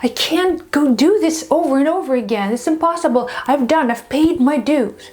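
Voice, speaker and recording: A man's voice: very high-pitched, a little slow, a little mellow. A woman voicing a proud, self-righteous village nobleman who pleads and protests. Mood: indignant. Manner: pleading, then indignant.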